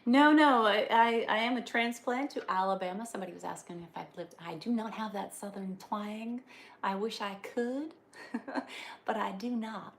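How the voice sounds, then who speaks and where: Live-streaming from inside a farmhouse while it rains, this Northeastern US woman talks with viewers at a normal speed in a mid-range voice. Her casual chatter is full of fillers and restarts.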